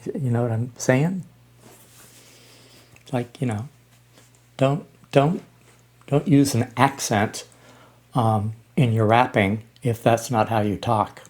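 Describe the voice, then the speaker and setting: An older man in his sixties talks slowly and haltingly, pausing on ums and starting over as he reacts to music. His voice sits at an ordinary middle pitch for a man. He sounds relaxed and conversational, as if chatting to his viewers. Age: 60s. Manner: halting and unhurried, frequent ums and restarts. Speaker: reaction channel host. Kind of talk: casual music reaction commentary.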